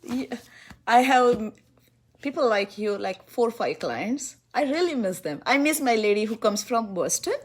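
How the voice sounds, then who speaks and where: A woman's voice: on the high side, animated, a little slow. A woman physician talks a client through a routine in a one-on-one consultation. She repeats her key instructions to make them stick and laughs easily along the way. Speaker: Ayurvedic physician.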